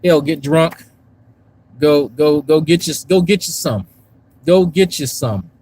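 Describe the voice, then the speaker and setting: A YouTube commentary streamer with a slightly high, darkish voice takes his time as he rambles and swears to his chat, starting outdoors in a park and moving to a parked car. There's no room sound, but the audio is poor.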